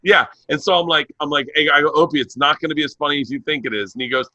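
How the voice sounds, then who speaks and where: A stand-up comedian, a man, in casual podcast chat, telling animated stories, acting out the people in them and breaking into big laughs. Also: fairly high pitch, fast, few pauses, dry recording. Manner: animated storyteller who acts out voices and laughs hard.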